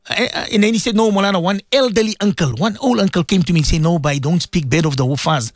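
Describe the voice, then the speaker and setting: Male radio imam with a slightly high, dry studio voice. Animated storyteller who repeats phrases. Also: quick pace, dry recording. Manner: animated storytelling, repeats phrases, mixes in Arabic and Urdu words. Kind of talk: storytelling religious radio talk.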